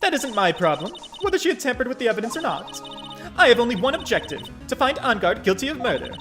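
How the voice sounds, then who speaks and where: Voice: mid-range voice, sing-song, quick pace, music in the background, pitched above the performer's own voice, natural voice. A gamer reading the lines of an arrogant young female prosecutor in a cold, haughty way.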